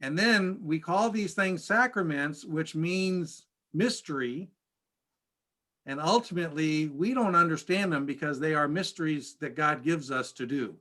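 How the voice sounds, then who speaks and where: Man, pastor, casual class storytelling, halting restarts, bright tone. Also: a little high. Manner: chatty, halting with many restarts. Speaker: pastor teaching a church class.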